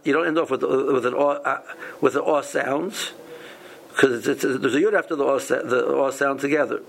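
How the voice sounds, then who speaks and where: Halting man teaching a Torah class. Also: a little high, vocal fry, fairly bright tone, a little hiss or hum, poor audio. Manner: halting, many restarts and repeated words. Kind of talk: halachic lesson.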